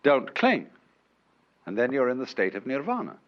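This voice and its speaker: Man lecturing to a hall, lively up and down voice, wry and unhurried, muffled old tape sound. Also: medium pitch. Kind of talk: public lecture. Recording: dull lo-fi archive lecture recording.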